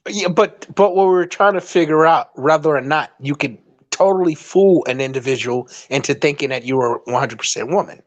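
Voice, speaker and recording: A man's voice: fairly high pitch, fairly quick, lo-fi sound. A man co-hosting a live chat show, asking pointed questions and pushing the others for answers. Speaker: co-host. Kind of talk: casual chat.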